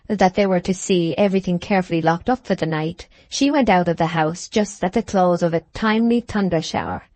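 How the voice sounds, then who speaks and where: A woman reading a classic novel aloud as an audiobook narrator, in a measured, even manner. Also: lowish voice, no echo. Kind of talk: scripted narration.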